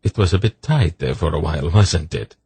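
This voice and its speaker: A man voicing a small, quick-eyed male thief in an audiobook, brisk and keen. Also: deep voice, animated, creaky, darkish tone, slightly rough, exaggerated voice.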